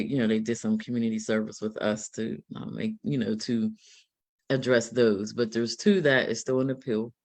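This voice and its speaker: A man hosting a live stream discussion, speaking hesitantly with many fillers as he sums up a case. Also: medium pitch. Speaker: host.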